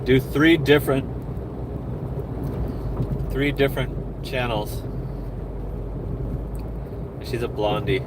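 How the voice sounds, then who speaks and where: A man's voice: mid-range voice, takes it slowly, pauses often, heavy background noise. Rambling middle-aged man streaming from his car. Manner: rambling, profane, upbeat. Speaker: livestreamer doing delivery gigs. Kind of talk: casual livestream chat while driving. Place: in a car on the road.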